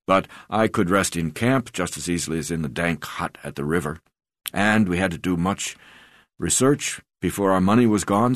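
Deep-voiced male audiobook narrator. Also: no room sound, studio quality.

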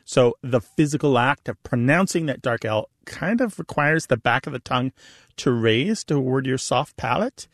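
A man who is a linguist, explaining to a caller in a lively way and laughing easily. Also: medium pitch, moderate pace, no echo, clean studio sound. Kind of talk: call-in chat, explaining.

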